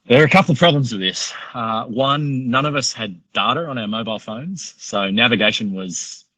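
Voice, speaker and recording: Profane, bright-voiced Australian man. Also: medium pitch, normal speed, no room sound, poor audio. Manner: profane, animated storyteller. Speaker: podcast guest. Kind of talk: casual storytelling.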